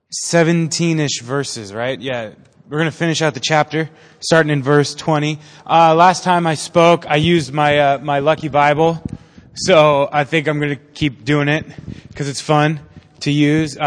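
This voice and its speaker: A man's voice: a little high, big-room sound. A young man preaching a casual, jokey sermon to a youth group, chatting and quizzing his listeners as he goes.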